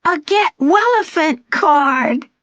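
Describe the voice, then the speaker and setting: A high sing-song little girl. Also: animated, takes it slowly, a bit bright, no echo, exaggerated voice. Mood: playful. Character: cheerful little girl who loves jokes.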